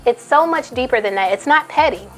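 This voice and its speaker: Outspoken woman with a high-pitched voice. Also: lively intonation, a little fast, a bit bright, faint music behind. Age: adult, a mother. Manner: outspoken, emphatic, repeats for emphasis. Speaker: commentary YouTuber. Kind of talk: casual commentary, reading tweets aloud.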